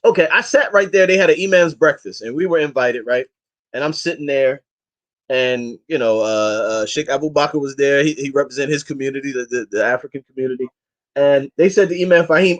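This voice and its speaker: Male interview guest, rapid delivery, impassioned and slangy, exhorting. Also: mid-range voice. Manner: impassioned, exhorting his listeners; slangy and emphatic. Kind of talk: casual interview talk.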